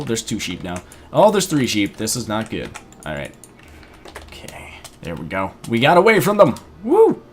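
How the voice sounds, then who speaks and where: A young man casually commenting on his gameplay, chatty and rambling, with sudden excited outbursts. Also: mid-range voice, a little hiss or hum. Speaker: gaming video host.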